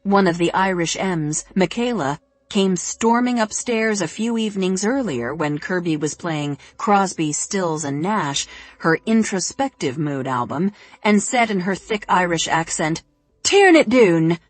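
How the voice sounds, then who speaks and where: A woman narrating a novel in a steady, even reading. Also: on the low side, a little slow, no room sound. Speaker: audiobook narrator. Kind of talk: scripted narration.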